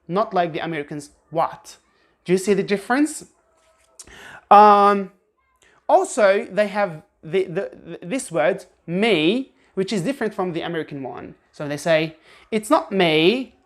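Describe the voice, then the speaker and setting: A woman teaching English pronunciation in an online lesson, demonstrating sounds by repeating words with exaggerated intonation and often restarting her sentences. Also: fairly low pitch. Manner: restarts often, halting explanations.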